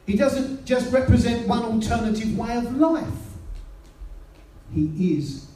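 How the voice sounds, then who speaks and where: A British man preaching a sermon, telling the story and quoting scripture in a lowered voice. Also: lively intonation, slow, mellow, a little hiss or hum. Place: church hall. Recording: roomy sound from a distance.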